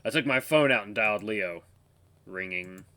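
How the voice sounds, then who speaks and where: A man's voice: fairly low pitch, expressive, brisk, sharp tone. A young man hosting a gaming channel, reading a visual novel aloud in a playful, jokey way. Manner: playful, jokey, laughs often.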